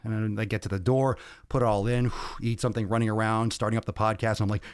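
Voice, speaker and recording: A male podcast host, out of breath, chatting casually on a livestream and reading viewer comments in an energetic, profane, rambling way into a podcast mic. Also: fairly low pitch, fast, clear, resonant tone, no room sound, clean studio sound. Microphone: podcast microphone.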